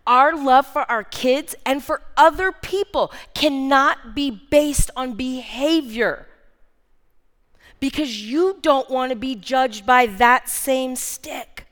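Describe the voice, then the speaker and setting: High-voiced woman preaching slowly. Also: fairly bright tone. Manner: earnest, emphatic, repeats key phrases. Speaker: speaker preaching. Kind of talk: sermon. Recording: long reverb of a large hall.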